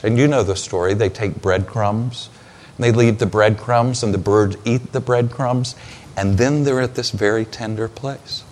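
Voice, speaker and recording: A man preaching a sermon, retelling scripture as a story with dramatic pauses. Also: on the low side.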